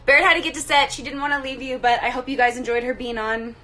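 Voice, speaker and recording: A woman's voice: sits high, fast, pushed and bright, poor audio. A woman hosting a casual livestream outdoors by the trailers on a film set, out of breath, bubbly and rambling, talking into a phone held at arm's length. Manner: bubbly, rambling, laughs often.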